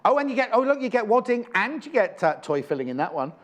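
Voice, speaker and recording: A man's voice: extremely high pitch, sing-song, quick pace. A man presenting craft kits on a live shopping channel, chatty and enthusiastic, rambling with frequent self-corrections.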